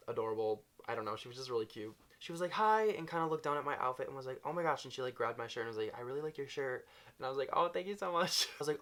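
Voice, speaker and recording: A man's voice: medium pitch, fairly bright tone. Bubbly young man gushing in a vlog. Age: young adult. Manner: bubbly, gushing, says "like" constantly. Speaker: vlogger. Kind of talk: storytime vlog.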